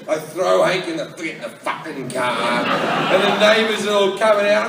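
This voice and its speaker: High-voiced comic in a roomy hall. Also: male voice, normal speed, heavy background noise. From Australia. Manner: profane, animated storytelling that acts out other people's voices. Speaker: stand-up comedian. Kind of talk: stand-up comedy set. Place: large comedy venue with a live audience. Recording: echoey hall, voice from far off, loud ambience.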